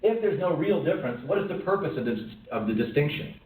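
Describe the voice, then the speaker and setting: A man with a sing-song, fast-talking voice on the high side, a little mellow, gives a workplace lunch-and-learn talk. He questions his audience frequently and at times acts out quoted voices, and the recording is roomy and far-off with faint room noise.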